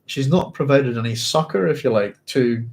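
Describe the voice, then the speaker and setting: A man's voice: mid-range voice, moderate pace, creaky, low-quality recording. A man hosting a book club at home, reading a novel aloud and musing over it in a rambling, self-correcting way.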